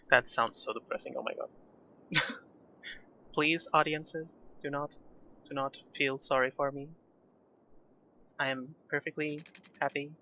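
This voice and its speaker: A man's voice: a little high, pushed and bright, lo-fi sound, slight background noise. A young man chatting casually over his own city-building gameplay, rambling and self-deprecating as he goes. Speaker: gaming YouTuber.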